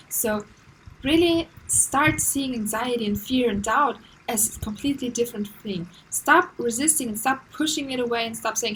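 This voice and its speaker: Earnest higher-voiced woman giving advice. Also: a little fast, bright, forceful tone, slight background noise, low-quality recording. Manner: earnest, repetitive, acts out inner voices. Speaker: self-help vlogger. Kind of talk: casual advice monologue.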